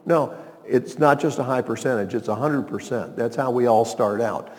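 A man's voice: medium pitch, moderate pace, in a large hall. A man preaching a radio sermon as pastor, emphatic and asking the listeners rhetorical questions.

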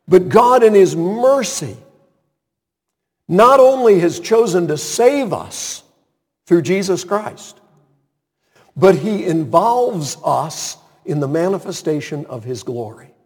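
An older male pastor delivers a chatty sermon in a notably high voice. He slips into quiet mutters to mimic doubters, and his words ring out with a long hall reverb. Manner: conversational preaching, mimics doubters in a muttering aside.

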